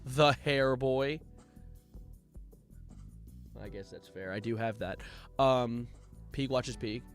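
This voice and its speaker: A young man live streaming, chatting casually, joking around and reading out donations in an animated way. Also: mid-range voice, takes it slowly, soft background music. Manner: jokey, animated, reads donations aloud. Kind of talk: casual livestream chat.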